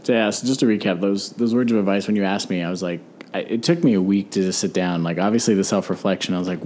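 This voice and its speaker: A man's voice: sits low, brisk, darkish tone, a little hiss or hum. A father of five as a podcast guest, talking reflectively and thinking aloud about parenting. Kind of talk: casual podcast chat.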